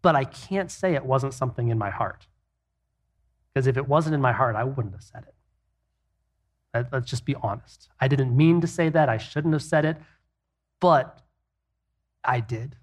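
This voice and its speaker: A man's voice: mid-range voice, normal speed, long pauses. A middle-aged man co-hosting a faith-based marriage talk, earnest and plainspoken, telling stories to make his point. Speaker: co-host.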